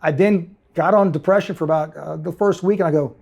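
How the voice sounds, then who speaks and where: A man's voice: fairly high pitch, brisk, vocal fry, a little mellow. A middle-aged man from the United States, an entrepreneur telling his story intensely in an interview and acting out the people he quotes. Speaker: guest entrepreneur.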